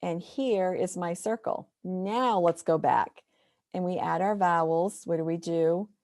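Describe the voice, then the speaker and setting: Slow, mellow-voiced woman teacher. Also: lowish voice, no room sound, clean studio sound. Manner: patient step-by-step explaining. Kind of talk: screen-share tutorial.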